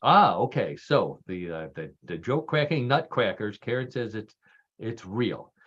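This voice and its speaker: A man's voice: lowish voice, animated, a little slow, fairly bright tone, muffled recording. A man with a Texas accent hosting a casual radio show. He jokes and laughs often and restarts with "uh". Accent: Texan. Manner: chatty and jokey, laughs often, with frequent "uh" restarts. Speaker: show host. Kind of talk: casual radio chat, hosting a news quiz.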